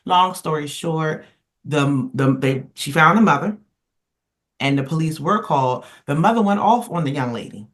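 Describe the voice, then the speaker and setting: A woman speaking on a casual podcast roundtable, emphatic and animated, circling back and restarting as she tells stories. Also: sits low, moderate pace. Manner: emphatic, animated storyteller who rambles and restarts. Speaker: roundtable panelist.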